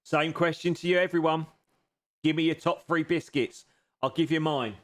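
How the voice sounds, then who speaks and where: Chatting with his viewers while racing on a home sim rig, this streamer keeps up joking, teasing banter and thanks them along the way, happy to talk. He speaks at normal speed in a voice on the high side with fairly even intonation.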